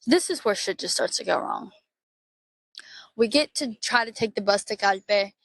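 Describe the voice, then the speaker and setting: A young woman from Florida telling a travel story in a casual, animated, heavily profane way. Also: medium pitch, normal speed, vocal fry, no echo. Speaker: podcast host.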